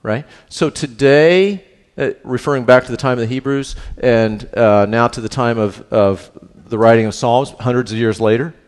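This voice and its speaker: Guy preaching a bible study, keeps asking "right?", goes quiet then gets worked up. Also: medium pitch, normal speed. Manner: questioning, checks in with "right?"; swings between hushed and animated. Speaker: pastor teaching a Bible study. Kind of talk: conversational sermon.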